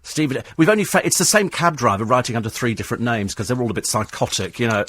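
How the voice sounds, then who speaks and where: A man's voice: medium pitch, fast talker, fairly bright tone. A man hosting a talk radio phone-in, combative and sarcastic as he answers listener texts in a studio. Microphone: studio microphone.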